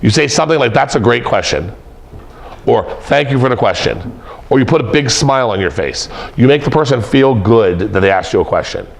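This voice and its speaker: A middle-aged professor lectures a room of students, joking as he goes and hammering points home by repeating words. His voice has a gravelly, fry-edged texture, and he lands in a middle register. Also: mid-range voice, fairly quick. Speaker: professor teaching presentation skills. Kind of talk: lively classroom lecture. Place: classroom with an audience.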